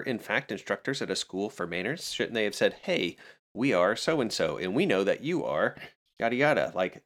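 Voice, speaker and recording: Lowish-voiced guy on a podcast, dry wry humor, retelling comic bits. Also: a bit bright. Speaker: podcast co-host. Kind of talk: casual chat about a manga.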